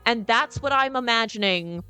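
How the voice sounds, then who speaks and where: A woman with a fairly high voice chats on a casual podcast, explaining at length with small restarts. Faint music sits behind her. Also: moderate pace, bright, forceful tone, smooth.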